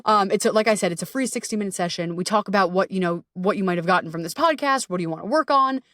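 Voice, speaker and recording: Woman podcast host, solo chat, candid and sweary, mid-pitched voice, dry close sound. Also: fast talker, a bit bright, dry recording. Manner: chatty and candid, swears freely, acts out inner voices. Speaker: podcast host and anxiety coach. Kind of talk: casual solo podcast monologue.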